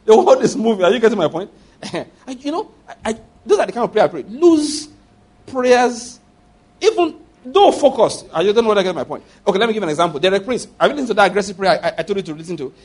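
A man preaching a sermon as a pastor, animated, repeating phrases and acting out prayers and dialogue. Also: sits high, very fast, husky. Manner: repeats phrases and asks the audience for agreement.

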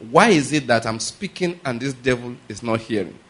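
A male preacher talks through his sermon in a loose, conversational way. He keeps checking whether the congregation is following, drifting into stories and chuckling along the way. His voice sits at an ordinary middle pitch. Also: lively intonation, normal speed, fairly bright tone. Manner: checks in with "are you getting my point?" and "all right?"; chuckles and rambles into anecdotes.

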